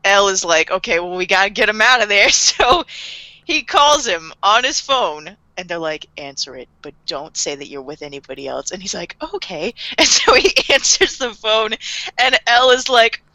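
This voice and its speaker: A woman co-hosting a podcast casually recaps an anime episode, laughing often and acting out the characters' lines in an animated way. Her voice is medium-pitched at a normal speed, with no room sound.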